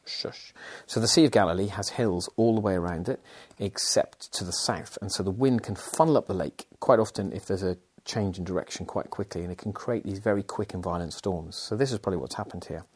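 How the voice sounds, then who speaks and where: Male pastor, deep and slightly husky, earnest sermon-style teaching. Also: a little mellow. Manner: earnest, explanatory, with frequent fillers and restarts. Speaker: pastor teaching a weekly Bible series.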